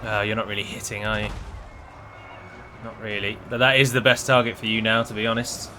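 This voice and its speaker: A man's voice: on the low side, level tone, brisk, bright, forceful tone, slight background noise. An Englishman giving chatty, wry let's-play commentary on a strategy game, talking straight to his viewers. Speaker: gameplay commentator.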